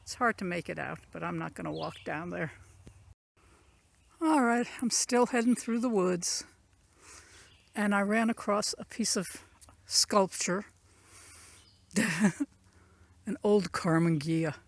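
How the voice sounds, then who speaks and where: A woman with a gravelly, fry-edged voice chats her way through a walking tour of her country property. She is recorded outdoors on a handheld phone, rambling easily and pointing things out as she walks. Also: mid-range voice, a little slow, pauses often. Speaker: channel owner giving a property tour. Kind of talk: casual walking tour narration. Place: outdoors in rural woods and fields. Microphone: phone camera carried while walking.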